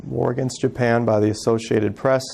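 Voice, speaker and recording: A man in his thirties giving an earnest personal storytelling talk as a guest speaker, acting out family members' words softly. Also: mid-range voice, little pitch movement, normal speed, creaky. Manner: earnest, acts out quoted family voices softly.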